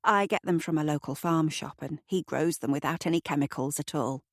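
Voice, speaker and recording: Shy gentle woman, soft spoken, read by a woman. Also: deep voice, brisk, no echo, studio quality.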